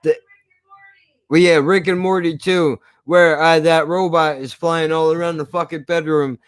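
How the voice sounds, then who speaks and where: A man's voice: on the high side, fairly even intonation, unhurried, smooth, dry recording. A man streaming live, ranting casually in a rambling, profane way with frequent restarts.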